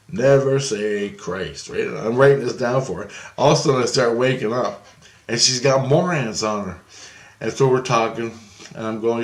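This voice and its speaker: A man's voice: on the low side, normal speed. A man telling a spiritual dream story to his viewers in a loose, rambling way, full of fillers and restarts. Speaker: video blogger.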